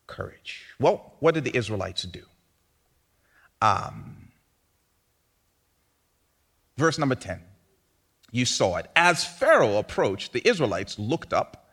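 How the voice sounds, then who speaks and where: A male pastor preaching a sermon in an animated, playful way, now and then mimicking panicked voices for laughs. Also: medium pitch.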